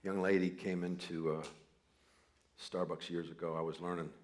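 A man preaching a sermon, telling a personal story, starting soft and building to loud emphasis. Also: deep voice, level tone, moderate pace, slight background noise. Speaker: pastor.

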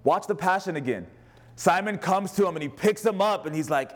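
A man preaching as pastor, passionate, moving between a raised voice and a hushed, tender delivery. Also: sits high, fast. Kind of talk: sermon.

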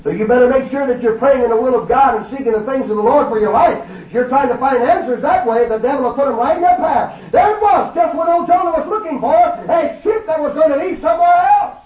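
A man's voice: extremely high pitch, fast talker, few pauses. A man preaching a fervent, folksy sermon in a church, often calling out hallelujah. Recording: distant, roomy, dull sound.

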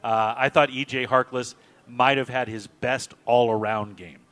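Man, mid-pitched voice, sports show host, measured play-by-play recounting. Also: steady tone, a bit bright. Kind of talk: sports talk show hosting.

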